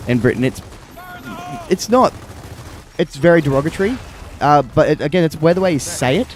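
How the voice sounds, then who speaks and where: A man's voice: fairly high pitch, animated, a little fast, slight background noise. A man with an Australian accent chatting casually over gameplay as co-host, explaining things at length into a close handheld mic. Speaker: gaming podcast co-host.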